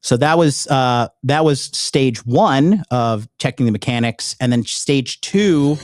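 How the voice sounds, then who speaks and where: A man's voice: mid-range voice, takes it slowly, no echo, studio quality. A man, a YouTuber and dating coach, talking casually and emphatically to his viewers, rambling and swearing often. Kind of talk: casual direct-to-camera chat.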